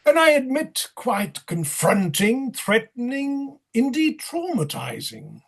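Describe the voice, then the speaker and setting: A man's voice: very high voice, very animated, takes it slowly, creaky, a bit bright, breathy edge, heavily acted. A man playing a sardonic, domineering clown interrogator in a rehearsal over a video call, curt and bossy. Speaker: actor in rehearsal.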